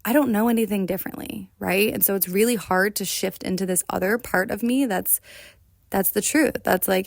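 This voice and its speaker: This American solo podcast host talks at a moderate pace with a creaky, mid-range voice. Her reflective talk is earnest and confessional, frequently punctuated by "right?". The recording is studio quality and dry.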